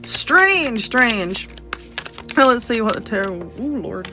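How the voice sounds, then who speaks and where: A woman's voice: a little high, sing-song, slow, over music. A woman giving a casual tarot and Lenormand card reading, blunt and chatty, often checking in with "okay?" and "you know". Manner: laughs and yawns between points.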